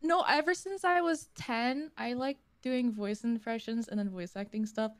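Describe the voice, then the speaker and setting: A woman's voice: fairly high pitch, normal speed, no room sound. A woman guest on a stream in casual chat, giggly and a bit sheepish, laughing often.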